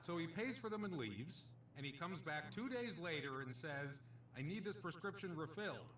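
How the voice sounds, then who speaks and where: A brash casino stand-up comic. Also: male voice, a little high, animated, moderate pace, fairly bright tone, roomy sound, recorded from a distance, a little hiss or hum. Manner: punchy joke delivery with comic character voices. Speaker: stand-up comedian in a game. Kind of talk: stand-up comedy routine.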